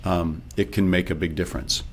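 A man with a very low voice, speaking as a guest coach in a relaxed interview. He explains his advice step by step and sometimes slips into quoted self-talk. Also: a little fast, a little hiss or hum. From based in Texas. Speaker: accent and dialect coach, guest.

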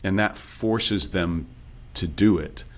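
A man with a very low voice, speaking as a guest coach in a relaxed interview. He explains his advice step by step and sometimes slips into quoted self-talk. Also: slow. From based in Texas. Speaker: accent and dialect coach, guest.

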